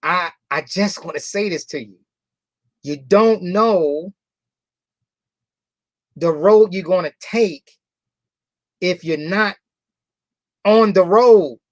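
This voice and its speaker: Man, company founder, motivational storytelling, slow deliberate delivery, repeats phrases, rhetorical questions, dry close sound. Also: sits high, dry recording. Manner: repeats phrases for emphasis, drawn-out key words; asks the audience rhetorical questions. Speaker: company founder addressing members.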